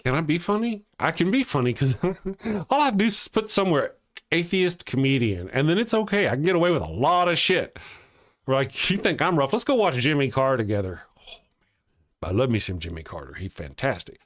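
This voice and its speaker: A man's voice: on the high side, very animated, brisk. A man hosting a casual livestream show, reading viewer comments aloud, joking and laughing often as he rambles and restarts his sentences. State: has a headache. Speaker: host of an atheist morning show.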